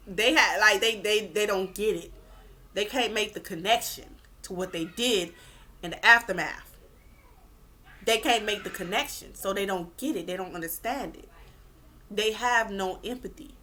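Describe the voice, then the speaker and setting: A woman's voice: mid-range voice, a little slow, a little hiss or hum. A woman vlogger giving blunt relationship advice in a casual rant, swearing and repeating her points for emphasis. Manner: animated, acts out quoted people.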